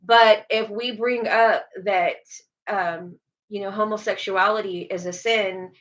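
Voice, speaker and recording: A woman's voice: mid-range voice, fairly even intonation, unhurried, a bit bright, rough recording. A woman co-hosting a casual religious talk show, chatting and telling stories with acted-out quotes. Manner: chatty storyteller, acts out quoted voices. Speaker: co-host.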